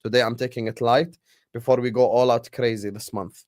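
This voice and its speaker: A man's voice: mid-range voice, fairly even intonation, fairly quick, a little mellow, no room sound, studio quality. A man hosting a casual football livestream, chatting with viewers and slipping in Arabic phrases. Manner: chatty, talks to the chat, switches into Arabic phrases. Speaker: football stream host.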